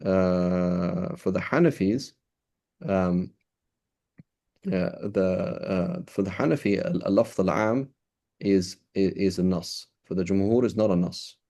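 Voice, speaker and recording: Low-voiced man lecturing, checking "right?". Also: unhurried, vocal fry, warm tone. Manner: explains in a loose, conversational way with many "right?" checks and repeated restarts; switches between English and quoted Arabic terms. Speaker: teacher. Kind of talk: classroom lecture.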